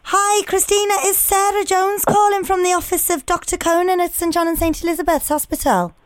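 A woman's voice: very high-pitched, steady tone, no echo, pitched above the performer's own voice. A woman putting on a Liverpool accent to play a formal female hospital secretary on a phone call. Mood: officious. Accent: put-on Liverpool. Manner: formal, measured phone politeness.

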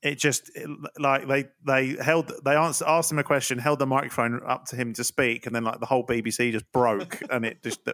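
A man's voice: medium pitch, level tone, a little fast, hardly any pauses, a bit bright, no echo, studio quality. A man co-hosting a football podcast, joking and bantering playfully. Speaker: podcast co-host. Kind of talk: casual football podcast chat.

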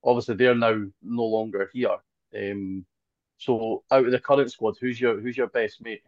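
A man's voice: mid-range voice, steady tone, moderate pace, dry recording. Guy hosting a podcast, teasing questions, dry dull lo-fi sound. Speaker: podcast host. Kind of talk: casual podcast interview.

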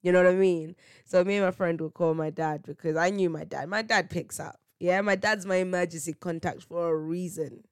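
A woman chats through a casual solo podcast, spinning slangy anecdotes with lots of laughter. She acts out what people said in her stories. Her voice sits on the lower side for a woman and is recorded dry and close. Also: brisk, clear, resonant tone, dry recording. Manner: animated storytelling, slangy, laughs often, acts out quotes. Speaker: podcast host.

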